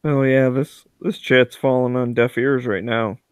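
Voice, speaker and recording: A man's voice: medium pitch, fairly even intonation, a little slow, clean tone, no echo, clean studio sound. A man hosting a casual podcast chat and teasing his guests dryly.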